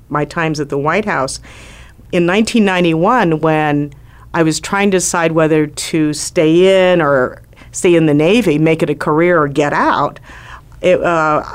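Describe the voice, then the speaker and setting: A middle-aged woman, a former White House doctor, telling a lively personal story on a talk show. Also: sits low. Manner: lively anecdotal storytelling with acted quotes.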